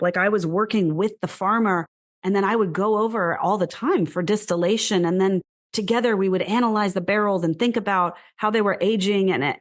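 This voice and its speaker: A woman from the United States, a guest in a casual interview, telling her story animatedly with frequent laughs and lots of "like.". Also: medium pitch. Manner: animated, laughing, heavy use of "like". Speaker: guest, whisky brand founder.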